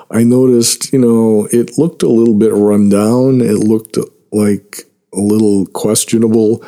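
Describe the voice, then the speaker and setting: A man tells a personal story in a relaxed, self-mocking way, chuckling between lines. His voice sits fairly low and sounds warm and mellow rather than bright. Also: slow pace.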